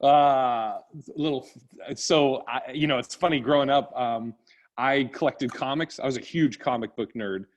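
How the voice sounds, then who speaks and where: A man's voice: medium pitch, a little slow. A middle-aged man chatting on a podcast, rambling through childhood stories and laughing often. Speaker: podcast host. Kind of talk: casual podcast chat.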